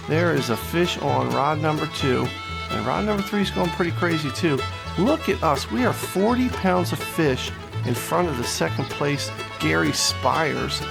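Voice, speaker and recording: Gravelly man joking through gameplay. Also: on the high side, normal speed, music in the background. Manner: joking, excitable trash talk. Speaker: gaming channel host. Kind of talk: casual gameplay commentary.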